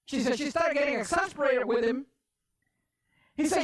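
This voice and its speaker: Woman preacher, high voice, animated storyteller, repeats words and builds to loud emphasis. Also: normal speed. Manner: repeats words and restarts often. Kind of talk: storytelling sermon.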